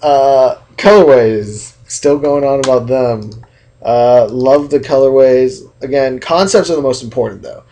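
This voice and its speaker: A young Californian sneaker vlogger rants casually into the camera, chatty and animated, mimicking how other people react. His mid-range voice moves at an unhurried pace, with a bit of hiss or hum in the recording.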